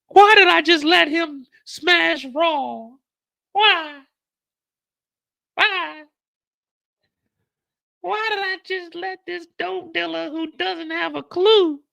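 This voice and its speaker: A man voicing a distraught young woman in a wailing falsetto, sobbing out melodramatic questions. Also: takes it slowly, vocal fry, long pauses, pushed and bright, dry recording, heavily acted. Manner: melodramatic, repeated anguished questions.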